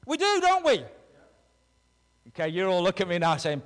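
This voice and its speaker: A male pastor preaching a sermon to his congregation, animated, swinging between loud calls and hushed words. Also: sits high, normal speed, long reverb tail, low-quality recording. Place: church hall with a congregation.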